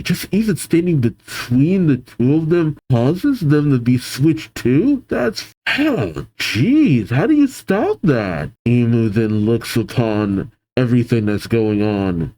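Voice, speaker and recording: A man's voice: mid-range voice, sing-song, slow, few pauses, warm tone, low-quality recording. A man hosting a manga reaction, reading the panels aloud and reacting with frequent exclamations.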